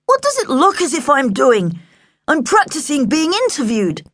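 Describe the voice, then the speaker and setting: A woman's voice: on the high side, animated, moderate pace, a bit bright, dry recording, voice pushed up. Lady doing a cocky little boy showing off, bouncy up and down, dry close sound. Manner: swaggering, self-important. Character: cocky boastful young boy, show-off.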